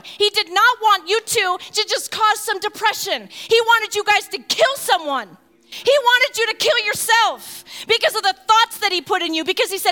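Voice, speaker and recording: A woman preaching a passionate sermon, animated, swinging from hushed asides to fired-up peaks. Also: extremely high pitch.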